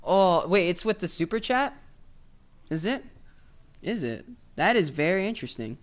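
An excitable young man chatting on a live stream, his voice sitting a little high for a man. He stumbles and restarts as he thanks his viewers over and over. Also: moderate pace. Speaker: livestreamer. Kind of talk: casual live-stream chat.

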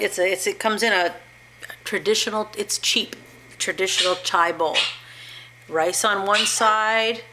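At home with her pet bird, a juicing vlogger in her fifties from the Pacific Northwest of the USA talks in a rambling, eager way for her casual video blog. She speaks at a medium pitch against a noisy background.

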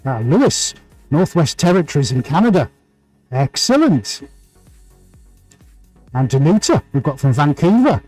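A man's voice: fairly high pitch, sing-song, measured pace, long pauses, darkish tone, faint music behind, low-quality recording. A man hosting a live painting stream, chatting casually, greeting viewers by name and laughing often. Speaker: livestream painting host.

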